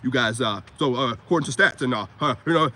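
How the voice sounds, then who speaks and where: A man putting on a mocking impression of a guy forcing a deep, throaty voice and mumbling through fillers. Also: bright, forceful tone, slight background noise, close to an everyday voice. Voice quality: forced low throaty voice. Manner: halting, filler-heavy mumbling.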